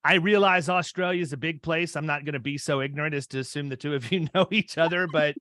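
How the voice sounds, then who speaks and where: A man's voice: a little high, quick pace, pushed and bright, dry recording, clean studio sound. A man in his fifties hosting a podcast interview, chatting casually and often restarting his sentences. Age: 50s. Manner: rambling, restarts mid-sentence. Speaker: podcast host.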